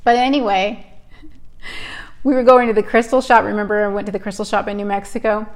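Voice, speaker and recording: A woman's voice: medium pitch, flat delivery, a little fast. A woman hosting a spiritual live stream, telling stories and reading oracle cards in an upbeat, chatty way. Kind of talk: casual live stream chat and card reading.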